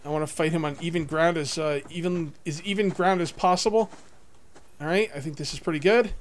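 Excitable high-voiced man gaming. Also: brisk. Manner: excitable, talks to viewers, swings from muttering to whooping. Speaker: let's play gamer. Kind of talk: casual gameplay commentary.

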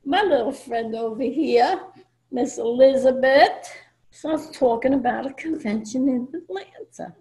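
An older woman from New York gives a personal testimony at a convention. She tells her story in a blunt, emphatic and animated way, and she acts out the lines of the people she quotes. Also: sits high, a little slow, poor audio. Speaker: speaker at a recovery convention. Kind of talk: personal testimony to a live audience. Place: convention meeting room before an audience.

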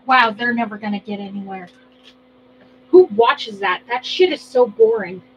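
A woman's voice: a little high, normal speed, slight background noise, rough recording. A woman co-hosting a casual cooking vlog, chatting and tossing off dry, teasing wisecracks. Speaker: co-host. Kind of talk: casual chat.

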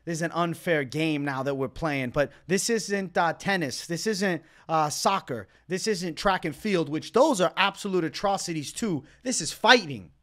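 A man's voice: a little high, moderate pace, few pauses, a bit bright. A man giving angry reaction commentary on a fight, ranting indignantly and repeating words for emphasis. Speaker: MMA commentator.

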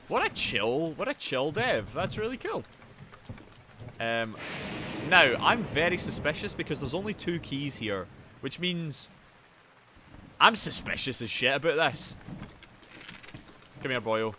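A man doing live gameplay commentary as a streamer, swearing and yelling at the game as he chats. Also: medium pitch, normal speed, long pauses, a little hiss or hum. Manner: sweary, excitable, yells at the game.

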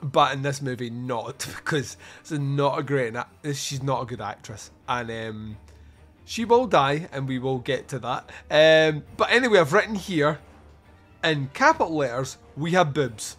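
Animated podcast host, swearing and laughing. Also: male voice, medium pitch, a little slow, faint music behind. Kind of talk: casual film review chat.

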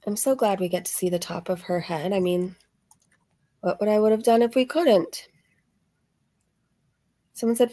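Woman doing casual reaction commentary, sarcastic, laughs a lot, voice a bit strained, mid pitch. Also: normal speed, pauses often, mellow. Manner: chatty, sarcastic, laughs often. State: voice slightly strained from screaming. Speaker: reaction channel host.

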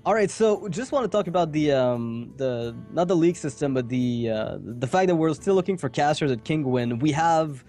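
A man casting an esports match, chatting casually between games with quick asides and jokes. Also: fairly high pitch, animated, mellow, soft background music. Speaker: esports caster. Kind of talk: casual pre-match commentary.

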